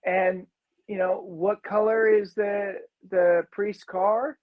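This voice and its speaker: A man's voice: sits high, fairly even intonation, measured pace, dull audio. A man casually recapping a movie on a podcast, rambling with lots of fillers and acting out characters' lines. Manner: rambling, many "you know" fillers, acts out lines. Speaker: podcast co-host.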